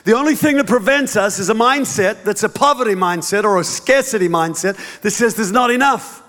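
A high-pitched man preaching a sermon in a large church hall. His voice rings with a long reverb. He tells stories with playful mimicry and shifts into emphatic preaching. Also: a little fast, fairly bright tone. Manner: storytelling with playful mimicry and chuckles. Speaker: pastor.

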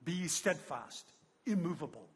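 Husky, animated preacher in a big hall. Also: male voice, fairly high pitch, normal speed. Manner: animated storytelling, laughing. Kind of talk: sermon. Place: large church hall. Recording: long hall reverb.

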